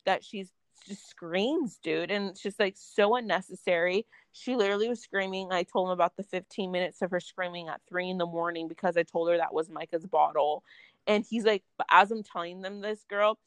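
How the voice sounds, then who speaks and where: A young woman tells a story in a casual chat, venting animatedly with lots of filler words and blunt swearing. Her voice is middle-pitched, and the recording is dry and close with no room sound.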